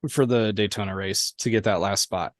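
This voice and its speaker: A man's voice: lowish voice, fairly even intonation, normal speed, no room sound, studio quality. A man co-hosting a casual podcast, chiming in with brief questions and short reactions. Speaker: podcast co-host. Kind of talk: casual chat.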